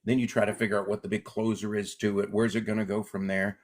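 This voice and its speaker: A middle-aged man from Alaska, talking in a low, slightly husky voice as a comedian guest on a video call. He tells his stories with lively acted-out voices, keeping the casual tone of an interview chat. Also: quick pace. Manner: animated storyteller, acts out quoted voices.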